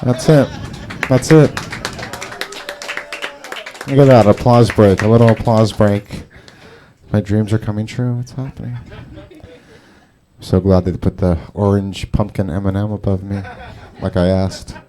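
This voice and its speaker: A man's voice: on the low side, a little slow, long pauses, dark tone, slight background noise. A man doing stand-up at an open mic in a small garage, rambling and self-mocking, with a lot of profane crowd work. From Salvadoran and Brazilian heritage. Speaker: stand-up comedian.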